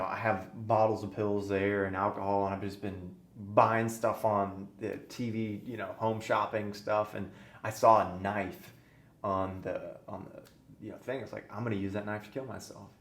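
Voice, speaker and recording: A man's voice: on the low side, flat delivery, moderate pace. A man guest on a podcast, telling his own story earnestly and intensely, his voice sometimes sinking to a near-whisper. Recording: echoey room with faint noise.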